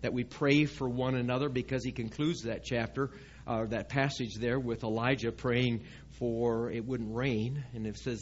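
A man's voice: mid-range voice, steady tone, moderate pace, few pauses, muffled recording, a little hiss or hum. Conversational male preacher. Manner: conversational preaching, asks the congregation questions. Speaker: pastor. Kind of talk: sermon. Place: church sanctuary.

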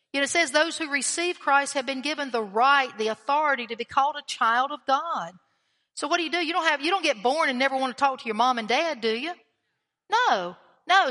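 Woman preacher, high bright voice, chatty and emphatic, big echoey church. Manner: emphatic, conversational preaching with rhetorical questions. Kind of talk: sermon. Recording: long hall reverb.

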